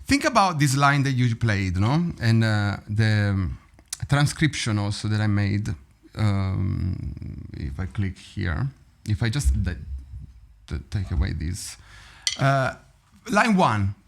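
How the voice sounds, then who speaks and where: Man, lively drum teacher. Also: on the low side, takes it slowly, gravelly. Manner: animated, vocalizes drum rhythms, laughs often. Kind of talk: practice session teaching. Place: drum studio.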